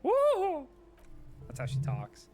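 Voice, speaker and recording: A man streaming a video game, chatting in a joking, excitable way and reading the game's text aloud. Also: fairly high pitch, moderate pace, music in the background.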